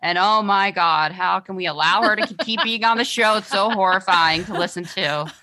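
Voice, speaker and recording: Bright, joking woman podcast co-host. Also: medium pitch, normal speed. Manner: self-mocking, joking banter. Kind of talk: casual chat.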